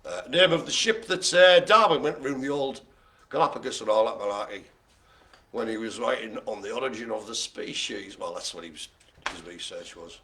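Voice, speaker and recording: Lively, bright-voiced male bingo host. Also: fairly low pitch, moderate pace, slight background noise. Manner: jokey, teasing, rambling. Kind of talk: live online bingo banter.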